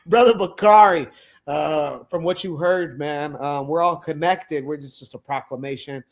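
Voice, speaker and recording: A man's voice: on the high side, takes it slowly, pauses often. A man hosting a podcast in casual chat, laughing often and telling stories. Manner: laughs often, animated storytelling. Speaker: podcast host.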